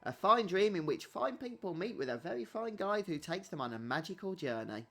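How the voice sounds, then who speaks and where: A fanciful, gentlemanly male rabbit who guides dreamers on magical journeys, as a man puts him on. He speaks in a lilting, overly polite, theatrical way, his voice sitting a touch high. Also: very animated, fairly quick, full character voice. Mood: grandiose.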